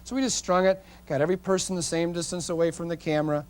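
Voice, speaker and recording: A man's voice: a little high, fairly even intonation, quick pace. A middle-aged man teaching portrait photography at a live seminar, telling chatty, folksy stories about his shoots and talking straight to the audience.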